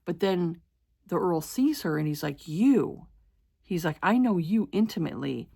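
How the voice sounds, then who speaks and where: A woman's voice: on the low side, expressive, normal speed, creaky, darkish tone, slightly rough. A woman vlogger casually recapping a romance novel, rambling with many fillers and restarts, and sometimes stumbling over words. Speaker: book vlogger.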